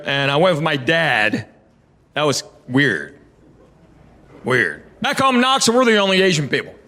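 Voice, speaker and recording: Middle-aged guy doing standup, acts out all the dialogue, kinda high voice, echoey venue. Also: a bit bright. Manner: storytelling, acting out dialogue with character voices. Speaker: stand-up comedian. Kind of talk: stand-up comedy set. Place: large venue with live audience laughing. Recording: echoey live venue with crowd noise.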